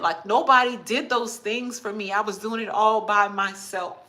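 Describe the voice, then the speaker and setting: A woman's voice: mid-range voice, steady tone, moderate pace, pushed and bright, low-quality recording. A woman in her fifties talking heartfelt and emotional in a casual livestream, reading viewer comments aloud. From Texas. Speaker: vlogger.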